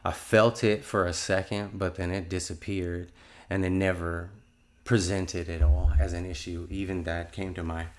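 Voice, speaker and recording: Low-voiced man in his fifties. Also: level tone, normal speed. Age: 50s. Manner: earnest, rambling storytelling with restarts. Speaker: testimony speaker. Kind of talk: religious testimony monologue.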